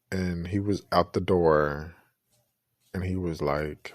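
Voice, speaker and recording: A man's voice: low-pitched, fairly even intonation, slow pace, no room sound, clean studio sound. A man hosting his own podcast, talking earnestly and reflectively and often restarting his sentences. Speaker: podcast host. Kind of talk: personal podcast commentary.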